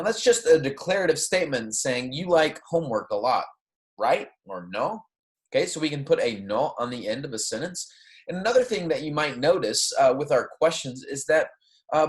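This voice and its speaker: A man teaching a Spanish lesson, explaining patiently and often checking in with his students. He reads the Spanish example sentences aloud with exaggerated intonation. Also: medium pitch. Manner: patient, explanatory, frequent "okay?" and "right?" check-ins. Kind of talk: recorded classroom lecture.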